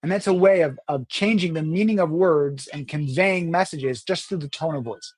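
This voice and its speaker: A man's voice: normal speed, slightly rough. Man coaching public speaking. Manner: animated, swings pitch and loudness to demonstrate. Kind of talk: talk to camera on communication skills.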